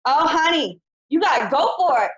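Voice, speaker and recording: Woman, high-pitched, folksy and chatty, dull lo-fi stream audio. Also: lively intonation, normal speed, fairly bright tone. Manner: chatty, folksy, says honey and y'all. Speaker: psychic show host. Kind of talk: live-stream call-in show.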